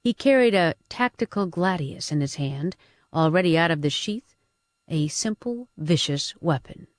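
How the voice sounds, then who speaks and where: A woman's voice: low voice, animated, normal speed, no echo. A woman narrating a first-person audiobook with a dry, wry delivery.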